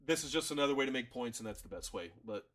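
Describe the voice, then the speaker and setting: Bright-voiced chatty male rugby co-host. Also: mid-range voice, quick pace. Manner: animated, jokey, acts out players' thoughts. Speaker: podcast co-host. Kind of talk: casual rugby chat.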